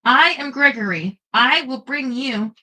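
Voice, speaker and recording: A woman's voice: high-pitched, lively intonation, a little slow, sharp tone, full character voice, rough recording. A woman voicing a vain, boastful male incubus who speaks with a heavy German accent. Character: cocky blond male incubus, vain seducer.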